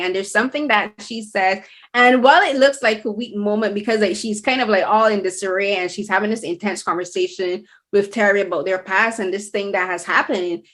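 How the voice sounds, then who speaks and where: A woman's voice: mid-range voice, fairly bright tone. A woman hosting an interview, asking long, enthusiastic questions with a lot of emphasis. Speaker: interviewer, show host. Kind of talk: conversational interview.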